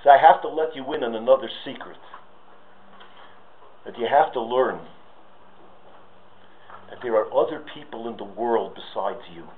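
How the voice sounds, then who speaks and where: A man's voice: medium pitch, moderate pace, pauses often, a little hiss or hum. A man giving a sermon with stories, rising to impassioned pleas. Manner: storytelling, rises to impassioned pleas. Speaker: rabbi giving a talk. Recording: tinny phone-like audio.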